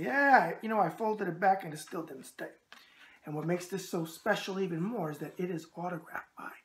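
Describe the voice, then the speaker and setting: A man with a New York accent hosts a casual boxing video show, chatty and emphatic and packed with tough-guy catchphrases. His voice sits high, bright and forceful.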